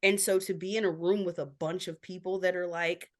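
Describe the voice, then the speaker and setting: A woman's voice: lowish voice, steady tone, a little fast. A woman guest on a podcast, telling her family story openly, with lots of filler likes. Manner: open, candid storytelling. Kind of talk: casual interview chat.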